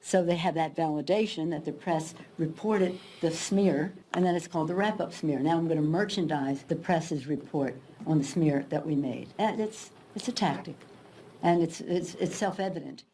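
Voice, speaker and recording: A woman in an archive clip of press remarks, explaining deliberately and repeating herself. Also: sits low, mellow, a little hiss or hum.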